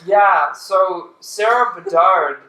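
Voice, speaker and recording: A man with a high, bright voice, talking fast and animated, breaking into laughs as he tells a story. He sounds like he's in a studio with a roomy echo. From Canada. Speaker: guest. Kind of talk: casual storytelling. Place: podcast studio.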